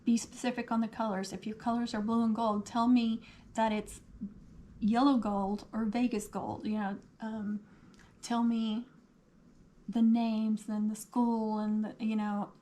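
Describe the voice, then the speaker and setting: Slightly hoarse woman chatting on a livestream. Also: a little high, little pitch movement, unhurried, mellow, a little hiss or hum. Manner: chatty, answers viewer comments aloud. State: losing her voice. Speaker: craft livestream host. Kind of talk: casual livestream chat.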